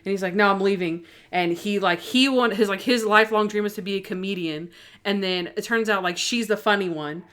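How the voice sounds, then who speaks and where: Speaking fairly quickly at a medium pitch, a woman helps host a laid-back podcast, excitedly walking through TV episodes. Her retelling is lively, with the characters' lines acted out between laughs.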